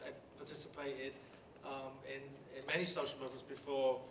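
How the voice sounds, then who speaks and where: A middle-aged Englishman speaks at a panel talk, telling a story in a halting, blunt way with many restarts and fillers. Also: medium pitch, little pitch movement. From England. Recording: roomy hall from a distant mic with background noise.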